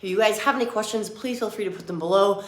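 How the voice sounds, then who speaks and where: A woman's voice: mid-range voice, fast. Scratchy-voiced woman coaching in an echoey room. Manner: talks while demonstrating lifts, correcting herself. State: scratchy voice from allergies. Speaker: fitness coach. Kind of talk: workout tutorial.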